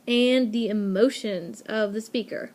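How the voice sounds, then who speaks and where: A young woman in a recorded lesson, explaining clearly and brightly to students and stressing key points by repeating them. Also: mid-range voice, fairly even intonation, a little slow. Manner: clear, upbeat teacherly explaining with emphatic repetition. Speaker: teacher. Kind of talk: recorded lesson narration over slides. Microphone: tablet microphone.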